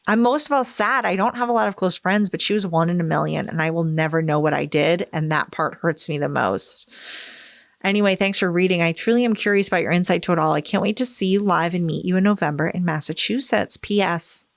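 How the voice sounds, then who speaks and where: Woman host, reads listener letter, expressive, acts out quotes, dry close sound. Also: fairly low pitch, a little fast, gravelly, no echo. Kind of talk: reading a listener's story aloud.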